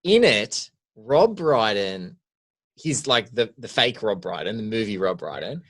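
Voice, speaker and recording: A man co-hosting a podcast in casual chat, rambling and enthusiastic, often trailing off softly. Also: fairly low pitch, big pitch swings, unhurried. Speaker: podcast co-host.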